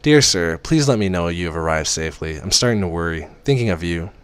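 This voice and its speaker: A flustered young woman from a spicy storybook fires off playful, exasperated emails, as a man reads her lines. The voice sits very low and lands dry and close. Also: expressive, fairly quick, fairly bright tone, smooth, no room sound. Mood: teasing.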